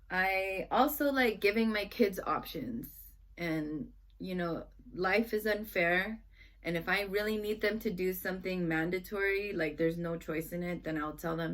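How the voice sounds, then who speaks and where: A woman's voice: lowish voice, measured pace. A young woman vlogging to camera about how she talks with her kids, earnest and rambling, often restarting sentences and acting out what she tells them. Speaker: vlogger, mother. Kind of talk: casual reflective talk to camera.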